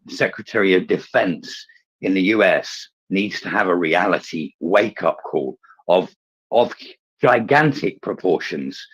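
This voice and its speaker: Angry ranting man, husky and low, dull lo-fi online audio. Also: a bit bright. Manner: angry, fuming; swears heavily. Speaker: participant in a live audio chat space. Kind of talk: impassioned rant. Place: remote online audio room.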